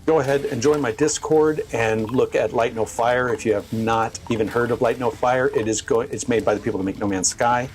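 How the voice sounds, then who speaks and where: A man's voice: mid-range voice, fairly even intonation, fairly quick, hardly any pauses, a little hiss or hum. A middle-aged man streaming a game, chatting in a rambling way with many fillers and restarts. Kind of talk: casual live-stream chat.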